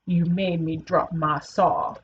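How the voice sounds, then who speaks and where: A woman's voice: on the low side, flat delivery, slow, dull audio, a little hiss or hum, pitched below the performer's own voice. A woman voicing Mister Cat, a grumpy male cat craftsman, with a scolding manner.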